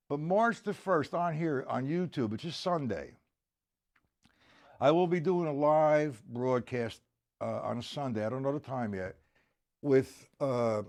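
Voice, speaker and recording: A man giving a live-streamed drum lesson, counting beats aloud, joking and answering viewers by name. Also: medium pitch. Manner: casual, joking. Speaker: drum teacher.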